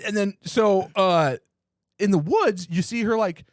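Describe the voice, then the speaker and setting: A man with a slightly high voice chats about a movie in a loose, joking way, full of crude riffs. The sound is dry and close to the mic. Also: dry recording. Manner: joking, crude, quick riffing with put-on voices. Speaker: movie review podcast co-host. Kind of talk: casual comedic movie chat.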